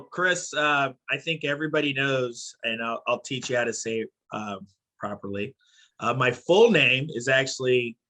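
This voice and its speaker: A middle-aged man from Haiti and New York, speaking as a podcast guest in a thoughtful, measured way. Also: mid-range voice, sharp tone. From born in Haiti, raised in New York. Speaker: podcast guest, company CEO. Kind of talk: casual podcast interview.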